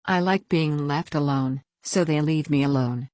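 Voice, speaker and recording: Female story reader, very low voice, dry close sound, plain even first-person narration. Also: a little slow, no echo.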